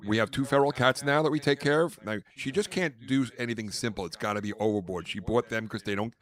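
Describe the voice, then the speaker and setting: A podcast host with a mid-range voice talks at a quick clip, spinning rambling stories in casual chat. He name-drops freely and acts out the quotes he tells.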